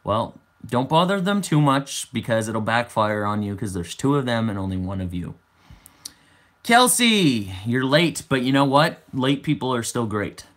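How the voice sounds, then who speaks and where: A man's voice: medium pitch, lively intonation, moderate pace, a bit bright. A man in his twenties hosting a casual livestream, chatting and answering viewer comments aloud. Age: 20s. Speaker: livestream host.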